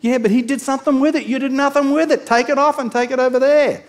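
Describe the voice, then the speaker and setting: A man's voice: very high-pitched, fairly even intonation, fast, voice pushed up. A man voicing an indignant male master who scolds his servant in a sarcastic, incredulous way. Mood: scolding.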